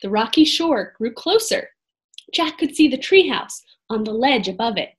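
A woman reading a children's chapter book aloud expressively, pausing to talk to her listeners. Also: a little high, husky. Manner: expressive, pauses to comment to listeners. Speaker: storybook reader.

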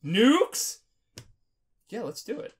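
A tipsy man putting on a clumsy fake British accent for an excitable, crude generic man. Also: very high-pitched, takes it slowly, pitched above the performer's own voice, exaggerated voice. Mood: mocking.

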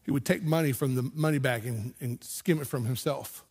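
A man's voice: medium pitch, moderate pace, darkish tone, husky. A man preaching a sermon in church as pastor, telling the story with animation and acting out imagined voices. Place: church sanctuary.

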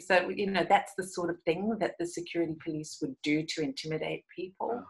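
Middle-aged woman, strong South African accent, animated interview guest, low-ish register. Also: fairly quick, creaky, hardly any pauses, low-quality recording. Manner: animated storytelling, laughs often. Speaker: guest, actress and cabaret artist. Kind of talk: conversational interview.

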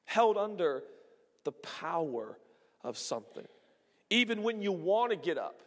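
Animated male pastor in a big hall. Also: fairly high pitch, unhurried, long pauses. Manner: animated storytelling with acted-out exclamations. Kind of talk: sermon.

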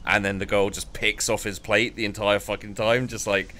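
A man's voice: on the low side, flat delivery, moderate pace, sharp tone. A young man chatting casually while playing a game, rambling and stumbling over his words. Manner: rambling, hesitant, stammering restarts. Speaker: gaming streamer. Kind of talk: casual gaming chat.

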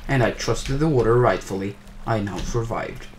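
A man playing a game with a friend and chatting casually, loud and swearing, shouting now and then. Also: lowish voice, normal speed. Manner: loud, cursing, shouts in bursts. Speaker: gamer. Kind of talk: casual gaming chat. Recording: roomy amateur voice chat with faint noise.

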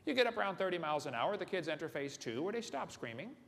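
A seminar speaker with a high-pitched, somewhat bright voice talks fast, with big pitch swings and vocal fry. He delivers a folksy, joking lecture to a live audience in a large hall, frequently asking them questions, and the recording is echoey with faint room noise.

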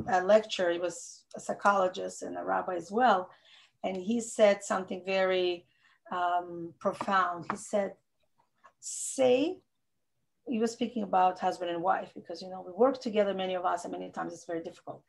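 A woman's voice: lowish voice, fairly even intonation, normal speed, gravelly. A middle-aged woman with a non-native English accent, giving an informal Torah talk to a women's class, earnest and repeating phrases for emphasis. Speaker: rebbetzin teaching a women's class.

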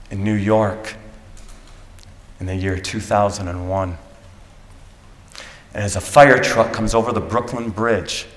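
Low-voiced man telling a dramatic story. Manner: slow, dramatic pauses. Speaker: commencement speaker. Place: school graduation ceremony. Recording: echoey hall from a PA.

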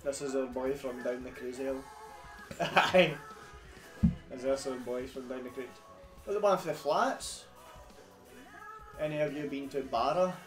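A man's voice: medium pitch, unhurried, pauses often. A young Scottish man casually bantering with his mates as a podcast co-host, swearing freely and laughing often. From Scotland. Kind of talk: casual banter over beers. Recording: echoey garage with music behind.

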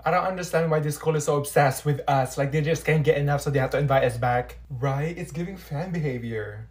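A woman's voice: low-pitched, a little fast, few pauses, darkish tone. A woman performing a comedy sketch with a sassy, sarcastic delivery. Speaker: TikTok creator. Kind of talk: comedy sketch role-play.

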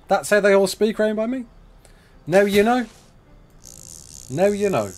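A young man from the English West Midlands hosts a casual game live stream, with his accent plain in every line. His voice sits a little high and moves a lot in pitch. He laughs often and reads chat questions aloud. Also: expressive, unhurried, long pauses, darkish tone.

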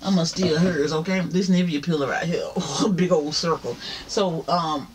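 A woman's voice: lowish voice, normal speed, slight background noise. A woman vlogging a mukbang from home, chatting casually to her viewers as she eats. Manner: chatty, talks straight to viewers, religious exclamations. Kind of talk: casual chat while eating. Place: home, seated in a chair.

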